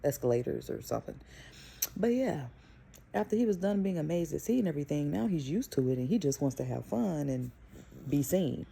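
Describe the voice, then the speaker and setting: A young woman and mother telling a story to camera in a casual, animated, profane way. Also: low-pitched, brisk, creaky, slight background noise. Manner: animated, profane, emphatic retelling. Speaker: vlogger and mother.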